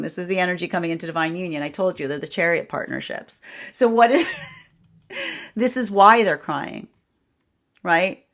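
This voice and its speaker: A woman with a slightly low voice gives a live tarot reading. She talks in an animated, chatty way, often asking "right?" and laughing between points. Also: normal speed, long pauses. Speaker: tarot reader.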